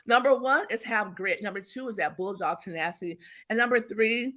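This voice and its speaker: A woman speaks with a bright, forceful tone in an animated interview. She talks emphatically and tells stories, acting out the exchanges she recalls. Her pitch sits in the middle range for a woman. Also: a little fast, few pauses. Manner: emphatic, storytelling, acts out quoted exchanges. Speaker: interview guest, business coach.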